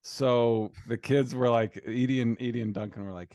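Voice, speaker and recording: At a moderate pace and with few pauses, a thirty-something co-host recounts a family story on his podcast in a mid-range voice. He gets animated, raising his voice to act out what people said. Studio-quality audio, no echo.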